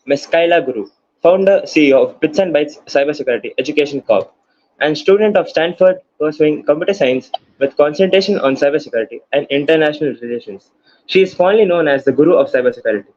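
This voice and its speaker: A man's voice: on the high side, fast talker, a little mellow. A man organizing the event, reading a formal, flowery speaker introduction over a video call. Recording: muffled video call with faint noise.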